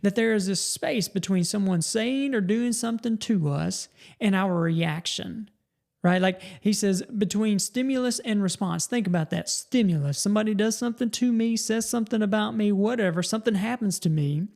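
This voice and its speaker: A man's voice: high-pitched, normal speed, creaky, a little mellow. A middle-aged man, hosting a podcast and giving a folksy motivational talk, often restarting his words. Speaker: podcast host.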